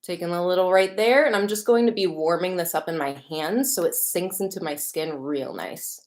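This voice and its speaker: Young woman with a Chicago accent, bubbly livestream host, slightly low voice, chatty and upbeat. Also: moderate pace. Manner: bubbly and chatty, greets viewers by place. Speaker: makeup artist hosting a livestream. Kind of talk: casual livestream chat. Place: home studio in Los Angeles.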